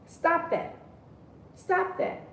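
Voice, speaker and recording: A woman's voice: very slow, a bit bright. Woman doing a laid-back, unbothered Jesus. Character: calm, unbothered Jesus, male, relaxed. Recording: echoey room, distant mic.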